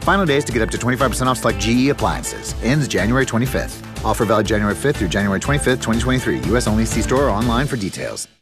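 A man reading an ad in a smooth, conversational way. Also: mid-range voice, animated, rapid-fire, few pauses, over music. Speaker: ad announcer.

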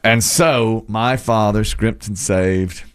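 A man co-hosting a casual radio show, telling long animated stories and jumping into squeaky voices for the people he quotes. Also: slow pace, clear, resonant tone. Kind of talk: casual morning radio banter.

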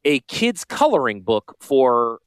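A man with a Northern US Yankee accent, a financial advisor hosting a casual promotional podcast with salesy, jokey asides and a high-pitched voice. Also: sing-song, slow, clear, resonant tone, no room sound. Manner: self-described high-pitched voice. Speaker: financial advisor and radio host.

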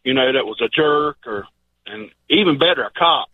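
A man calling into a radio show, telling a story in a relaxed, confessional way. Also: medium pitch, moderate pace, dry recording. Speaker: caller. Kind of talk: casual chat. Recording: tinny, dry phone line.

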